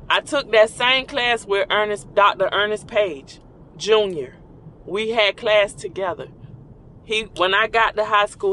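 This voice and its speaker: This middle-aged man's voice is high-pitched, pushed and bright, with a little hiss or hum in the audio. Hosting a show from his car at a drive-thru, he orders while spinning a rambling, casual story and acting out dialogue he remembers.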